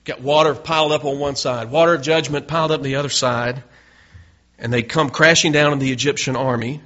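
A man's voice: mid-range voice, steady tone, brisk, bright, forceful tone. A male pastor preaching a sermon in an earnest way, building to emphatic peaks. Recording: dull lo-fi recording.

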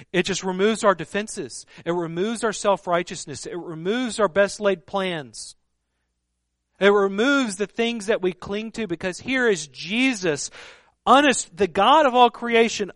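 A man preaching a sermon in an earnest, emphatic way, often dropping to a hushed voice for stress. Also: high-pitched, dry recording, studio quality. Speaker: pastor.

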